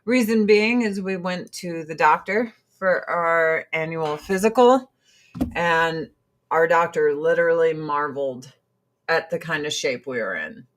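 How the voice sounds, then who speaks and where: A woman's voice: deep voice, lively intonation, a little slow. A middle-aged woman chatting casually to camera as a vlogger, laughing often.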